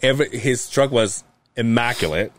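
In a relaxed podcast conversation, the male host tells stories with real energy, cursing a lot and imitating the voices of others. His voice is mid-range and moves at a normal speed.

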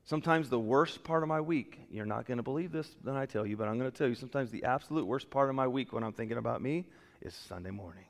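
A man preaching a sermon as pastor, animated, acting out quoted excuses, his voice swinging from loud peaks to quiet drops. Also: mid-range voice, quick pace, creaky. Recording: long reverb of a church hall.

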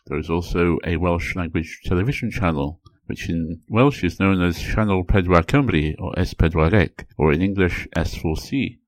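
A man hosting an educational podcast, reading a scripted explanation in a measured way and slowing down to pronounce example phrases. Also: low voice. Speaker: podcast host.

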